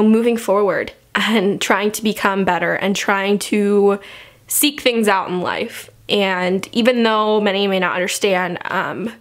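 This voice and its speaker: A woman's voice: mid-range voice, a bit bright. A young woman doing a casual film review vlog, emotional and close to tears, laughing between her words.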